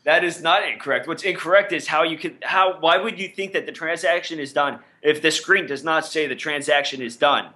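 Bright-toned teasing podcast man. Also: on the high side, fairly quick, hardly any pauses. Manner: teasing, argumentative. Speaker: podcast co-host. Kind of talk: casual podcast banter.

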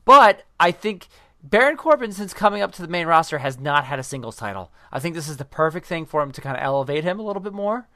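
A man co-hosting a podcast, chatting casually and excitedly about wrestling and breaking in with live updates. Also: a little high, fast talker, no room sound, studio quality. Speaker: podcast co-host.

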